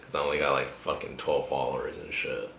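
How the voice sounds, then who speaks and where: An extremely low, gravelly and somewhat bright voice moves at a quick pace as this young host talks loosely on his podcast. The casual chat is laid-back, heavy on swearing and laughter, recorded in an echoey room with slight background noise.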